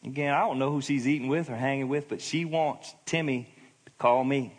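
A middle-aged male pastor delivers a sermon in a church hall, conversational yet emphatic. His husky voice is medium-pitched and fairly quick, with long hall reverb on the recording.

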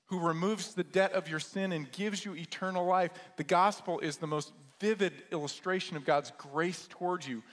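A man with a fairly high voice preaching a sermon, leaning on repetition and rhetorical questions. His words echo through a large hall with a long reverb tail. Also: fairly bright tone. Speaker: pastor.

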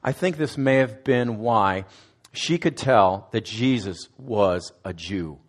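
Preaching slowly in a fairly low voice with lively intonation, a man delivers a conversational sermon as student ministries director. He asks the audience direct questions and occasionally restarts a word.

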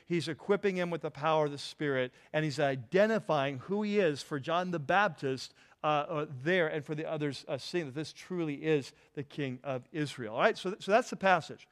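Earnest male preacher, slightly high voice. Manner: earnest, repeats words, asks the congregation to fill in words. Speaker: pastor. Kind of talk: sermon.

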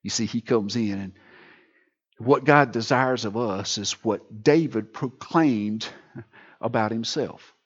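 A man preaching a sermon as pastor, swinging between loud emphatic lines and quiet near-whispered ones. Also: mid-range voice, slow, breathy edge, highs cut off.

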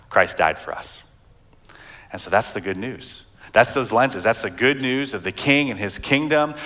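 A man's voice: lowish voice, fairly bright tone. A man in his thirties, a pastor, preaching a sermon in a conversational way, with fillers and restarts as he reads and explains scripture.

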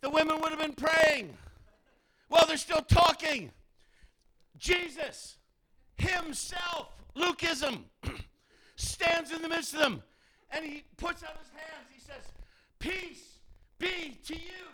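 A man preaching a sermon, telling a story dramatically and acting out the people in it, sometimes shouting. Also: very high-pitched, slow. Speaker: pastor.

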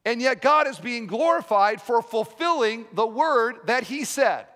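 A man preaching a sermon as pastor, emphatic, with rhetorical questions and sudden drops to a quiet voice. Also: very high-pitched, animated, measured pace, in a large hall.

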